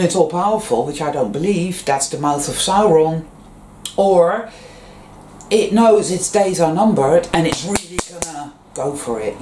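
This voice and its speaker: A speaker in a loose, meandering monologue that leans on fillers, breaks off and restarts thoughts, and jumps in pitch when a story gets going. The voice sits at an ordinary middle pitch. The sound is roomy and echoey, with faint ambient noise underneath. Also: a little mellow. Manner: rambling, peppered with fillers and restarts. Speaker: vlogger. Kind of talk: casual spiritual monologue. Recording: roomy echo.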